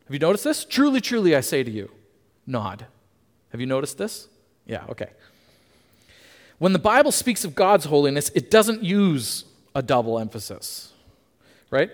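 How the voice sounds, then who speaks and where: Lively emphatic man preaching a sermon. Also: a little high. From Canada. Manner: lively, emphatic, asks the congregation questions. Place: church hall. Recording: reverberant church hall.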